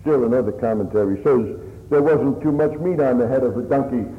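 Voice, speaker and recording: A man preaching a sermon in an earnest, plain-spoken way, his voice rising for emphasis and dropping low to reflect. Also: brisk. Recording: echoey hall on a tinny line.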